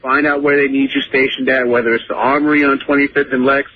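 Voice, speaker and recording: A man's voice: mid-range voice, flat delivery, fast. A man calling in to a radio show, urgent and rambling, with many restarts. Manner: urgent, rambling with repeated starts. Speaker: caller. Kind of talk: call-in radio. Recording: tinny phone line with faint hiss.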